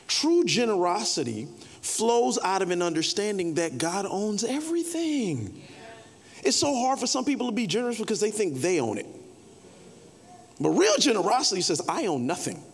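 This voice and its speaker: Animated preacher in a reverberant hall. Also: male voice, high voice, vocal fry. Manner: animated preaching, mock shouting, casual asides. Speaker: pastor. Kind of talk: sermon. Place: church sanctuary.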